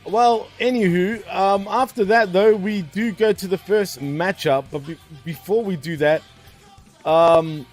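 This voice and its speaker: An Australian man with a high, light voice hosts a loose, chatty talk show. He laughs easily, swears without thinking about it, and tosses in "man" and "bro" all the time. Faint music plays quietly behind him. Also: unhurried. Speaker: co-host. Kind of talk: casual podcast chat.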